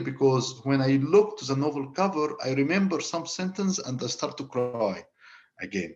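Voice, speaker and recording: A man with an Egyptian Arabic accent tells a story in English, casual and halting, looping back over his words as he goes. His voice sits at an ordinary middle pitch. The audio is a bit dull and lo-fi. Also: lively intonation, a little mellow. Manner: hesitant, repeats and restarts words. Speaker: panel guest writer.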